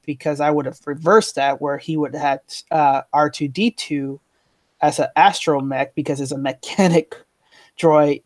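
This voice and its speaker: A man's voice: a little high, a little mellow, dry recording. A talkative man in a casual chat who argues his points at length. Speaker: co-host.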